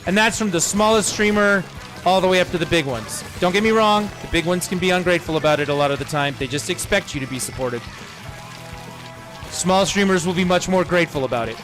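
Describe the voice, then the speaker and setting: A man's voice: high voice, a bit bright. A young man streaming a game and chatting casually to viewers, rambling with lots of fillers. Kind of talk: casual chat while gaming.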